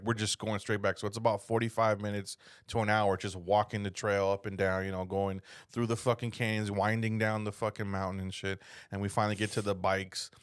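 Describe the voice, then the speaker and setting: A young man hosting a comedy podcast, telling a rambling, profane story in casual chat and breaking into loud shouted impressions. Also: on the low side, clear, resonant tone.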